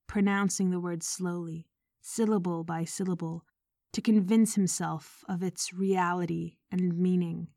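Slow, soft-spoken female audiobook narrator. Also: lowish voice, vocal fry, no echo, clean studio sound. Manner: slow, soft, dipping into whispers.

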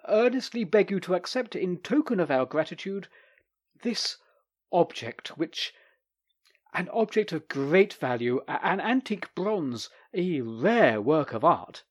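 A man's voice: fairly high pitch, husky, pitched above the performer's own voice, full character voice. Man doing a fumbling, earnest young man. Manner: earnest, halting, repetitive.

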